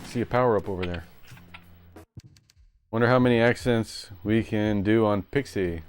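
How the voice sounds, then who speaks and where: A man hosting a live gaming stream, talking to chat in a relaxed, chuckling way while he plays. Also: fairly low pitch, normal speed, slight background noise. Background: video game music.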